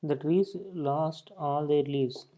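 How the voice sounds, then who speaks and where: A man's voice: fairly high pitch, steady tone, takes it slowly, warm tone. A man teaching a grammar lesson, explaining points and often saying "okay" between them. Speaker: English teacher.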